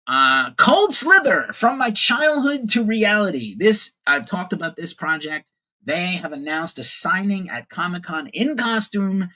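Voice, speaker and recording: A man's voice: sits high, very animated, a little slow, pushed and bright. A man in his forties hosting a casual livestream news show, opinionated and profane, greeting viewers in the chat.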